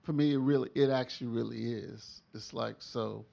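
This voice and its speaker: A man speaking on a panel, fast and rambling, hedging his points as he goes. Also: medium pitch, steady tone, gravelly, warm tone. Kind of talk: talk discussion.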